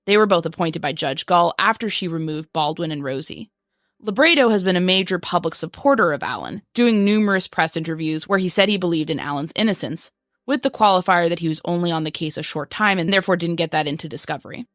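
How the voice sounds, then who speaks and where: A young adult woman narrates a true-crime podcast from a script, keeping her delivery measured and even. Her voice sits a little low. The sound is dry and close, with no room in it. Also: no echo. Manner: measured, reads quotes aloud flatly. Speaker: podcast co-host.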